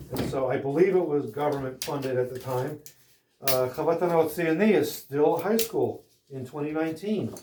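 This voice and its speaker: A man with a fairly high voice chats casually to viewers as he works in his woodworking shop, rambling and meandering from topic to topic. The room gives a roomy shop echo, with slight background noise.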